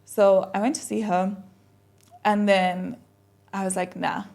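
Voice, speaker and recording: Young woman with a gravelly voice. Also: medium pitch, a little slow. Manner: animated, acts out quoted exchanges. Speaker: podcast guest. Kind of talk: casual interview storytelling.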